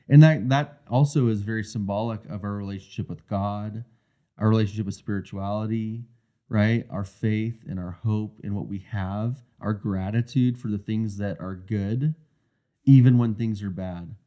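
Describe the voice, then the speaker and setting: A man's voice: lowish voice, steady tone, normal speed, warm tone. A man co-hosting a marriage coaching podcast, talking in an earnest, reflective way. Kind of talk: casual podcast conversation. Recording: dull, muffled lo-fi sound.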